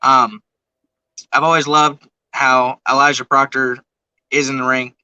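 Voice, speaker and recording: A man's voice: mid-range voice, level tone, a little slow, sharp tone, clear, resonant tone, dry recording, muffled recording. A man, a wrestler answering interview questions in an easygoing way, with some friendly trash talk. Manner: easygoing, trash-talks with a grin.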